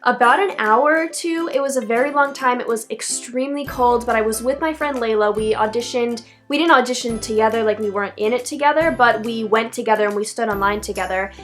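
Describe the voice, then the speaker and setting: Teenage girl, vlogger, high-ish voice, chatty and rambling, faint music behind. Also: fairly quick, hardly any pauses. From Philadelphia area, USA. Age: teens. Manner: chatty, rambling, frequent "like" and self-corrections. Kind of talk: casual advice vlog.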